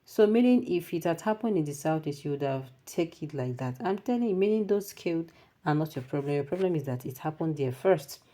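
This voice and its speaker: A woman with a Nigerian accent presenting news commentary, mixing Pidgin into animated remarks and reading out viewer comments. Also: low-pitched.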